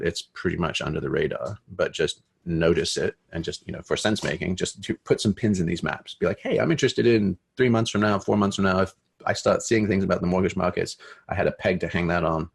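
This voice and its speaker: A man giving an informal, conversational talk about finance to an online audience, loose and animated, with swearing and fillers. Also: low voice, creaky, slightly rough. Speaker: speaker on economics and sensemaking.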